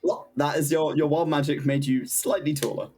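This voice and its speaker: A man's voice: fairly high pitch, fairly even intonation, moderate pace, warm tone, faint music behind. A man running a tabletop game as game master, describing the action and explaining rules in a chatty way and laughing often. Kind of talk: narrating a tabletop game over voice chat.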